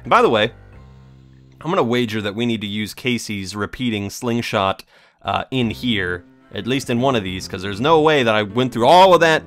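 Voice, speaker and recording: A man's voice: medium pitch, animated, moderate pace, a bit bright, soft background music. A young man giving casual, jokey gameplay commentary with sarcastic, rambling asides. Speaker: let's play host.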